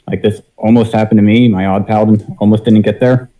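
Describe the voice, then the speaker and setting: A man chats casually as a panelist in a low voice. His tone is warm and relaxed. He thinks aloud, circles back and repeats himself. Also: a little fast, poor audio.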